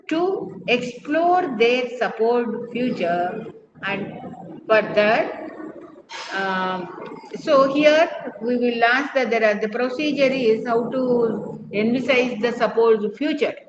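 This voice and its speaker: Woman lecturing in echoey lo-fi audio. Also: on the high side. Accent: Indian English. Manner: explanatory, repeats key phrases, frequent uh fillers. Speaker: counselling lecturer. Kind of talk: online lecture. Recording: echoey, dull lo-fi online lecture audio with background noise.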